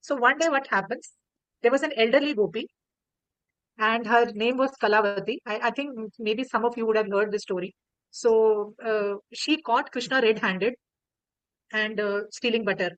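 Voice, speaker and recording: A woman with an Indian accent telling a devotional story to an online class over a video call, animated and often repeating words. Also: a little high, normal speed, no room sound, rough recording.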